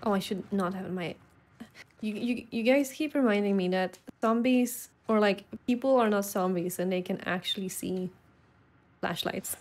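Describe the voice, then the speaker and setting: A woman's voice: medium pitch, unhurried, a little mellow. A young adult woman streamer giving casual, self-deprecating commentary while playing and talking to her chat. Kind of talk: casual live gameplay commentary.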